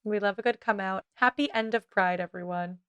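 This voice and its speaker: A woman's voice: medium pitch, a little fast, fairly bright tone, smooth, no echo, highs cut off. A woman co-hosting a podcast, chatting casually and laughing often between words. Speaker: podcast co-host.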